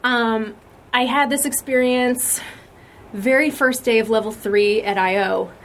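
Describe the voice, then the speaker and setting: A woman with a fairly high voice hosts a casual podcast chat. She tells stories in a loose, rambling way, circling back with fillers and restarts. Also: a little slow, a little hiss or hum. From New England, USA. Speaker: podcast host.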